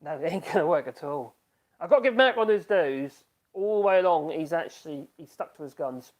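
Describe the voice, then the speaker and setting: A man's voice: on the high side, animated, fairly quick. Rambling, chatty Englishman hosting a live stream. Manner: rambling, chatty, trailing off mid-sentence. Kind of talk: casual live-stream chat.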